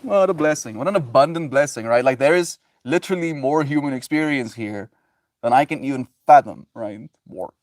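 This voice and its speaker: Laughing frequently at his chat, a livestreaming man drifts through loose, filler-laden thoughts on love and forgiveness in a casual spiritual vein. He speaks at a moderate pace in a medium pitch, and the studio-quality recording is dry.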